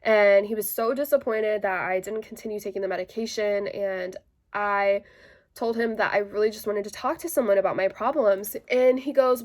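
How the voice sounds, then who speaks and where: A woman's voice: mid-range voice, normal speed, darkish tone. A woman casually telling a personal story to her viewers, chatty and full of "like" fillers, with an indignant edge. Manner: indignant retelling.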